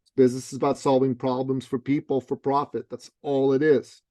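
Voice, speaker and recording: A middle-aged man, an author and business coach, telling a punchy, animated story as a guest in an interview. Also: medium pitch, fairly quick, no echo. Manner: lively, punchy, acts out other people's voices.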